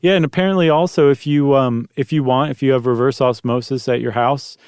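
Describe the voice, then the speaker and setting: Gravelly-voiced joking podcast co-host man. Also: medium pitch, fairly even intonation, a little fast, darkish tone, no room sound, clean studio sound. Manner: loose, joking, rambles with fillers. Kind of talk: casual chat.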